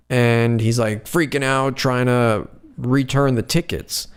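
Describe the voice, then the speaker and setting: A podcast host tells a wild story in loose, casual chat. His voice sits at an everyday middle pitch, and his talk is full of swearing and "like" fillers. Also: smooth. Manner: rambling, profane, lots of "like" fillers.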